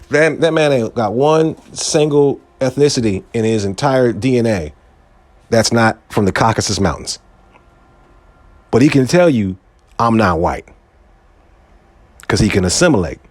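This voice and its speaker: A man hosting a podcast, delivering a casual, profane monologue in slang and jumping his pitch up for emphasis. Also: no room sound. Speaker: podcast host.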